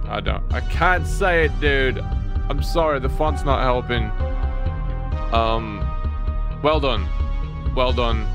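A medium-pitched man plays a horror game on video, thinking out loud as he goes. He startles easily and swears when scared, then thanks his viewers.

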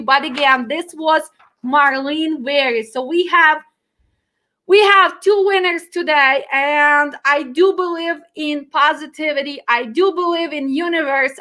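A woman's voice: high-pitched, bright, forceful tone. A woman who hosts a trucking dispatch training channel, reading a viewer's letter aloud and talking to her students with heartfelt encouragement. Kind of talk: casual livestream talk to students.

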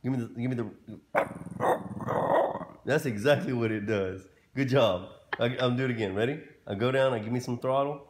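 In a casual home video, a man playfully mock-scolds his pet dog and carries on a back-and-forth as though the dog were replying. His mid-range voice moves at normal speed over slight background noise.

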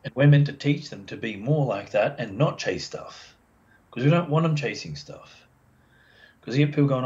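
A man, a dog behaviour expert, explaining as a podcast guest in a chatty, animated way and acting out the voices of dog owners. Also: medium pitch, a little fast. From Australia. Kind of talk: casual podcast interview. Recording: dull lo-fi sound.

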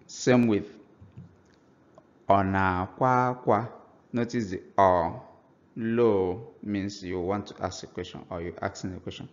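A man giving a language lesson, slowly and patiently explaining example phrases. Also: low-pitched, fairly even intonation, darkish tone, dull audio. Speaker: language teacher.

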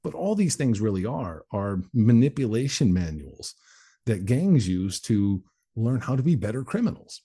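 A man's voice: medium pitch, big pitch swings, moderate pace, mellow, breathy edge. A man in his forties, a guest on an interview show, telling his life story candidly and acting out other people's voices. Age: 40s. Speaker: guest, motivational speaker.

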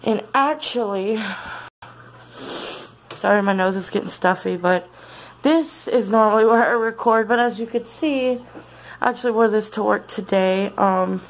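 A woman chatting casually to her vlog audience at home, rambling with many fillers and restarts and gushing when excited. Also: mid-range voice, measured pace, long pauses, rough recording. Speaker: vlogger. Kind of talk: casual vlog chat to camera.

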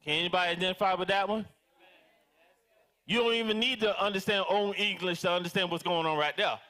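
A man preaching a sermon as pastor, animated and calling out to his congregation for responses. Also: high-pitched, brisk. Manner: animated, dramatizing prayers in different voices.

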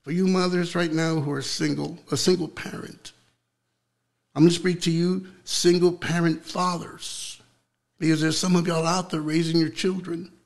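A young man preaching with fervor in an interview, repeating words as he builds, then dropping to a hushed voice for prayer. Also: fairly high pitch, level tone, moderate pace, gravelly.

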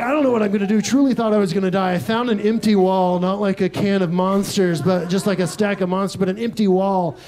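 Working the room at a comedy club, a young man with a Texas background and a fairly high male voice tells ridiculous stories without cracking a smile. Quick side comments punctuate the set as laughter comes from the crowd.

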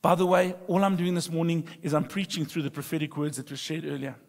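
Raspy high-voiced preacher. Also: male voice, steady tone, fast talker. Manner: emphatic, swings from soft confiding to loud outbursts; humorous storytelling. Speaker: pastor. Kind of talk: sermon. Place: church sanctuary. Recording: long reverb of a church hall.

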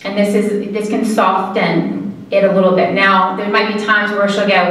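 A woman giving an earnest, conversational lecture to an audience, with halting pauses. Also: mid-range voice, level tone, fairly bright tone. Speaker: caregiving presenter. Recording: echoey room from far mic.

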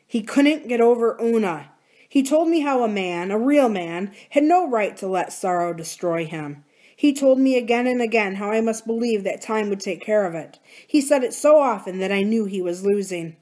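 Lady reading the part of a hurting ranch son, raw and pleading, middle-pitched voice, read from a book. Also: animated, normal speed, mellow, natural voice. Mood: strained. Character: grieving grown son, a rough rancher. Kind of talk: audiobook-style reading.

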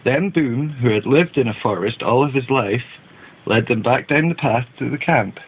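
A man narrating a children's storybook in a gentle, even read-aloud manner. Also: medium pitch, normal speed, slightly rough. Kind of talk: storybook reading. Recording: tinny phone-like band.

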